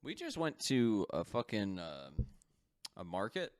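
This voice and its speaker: A man's voice: on the low side, huge pitch swings, a little slow. Laid-back guy swearing casually. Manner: laid-back, swears freely, laughs often. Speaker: podcast co-host. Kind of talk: casual chat.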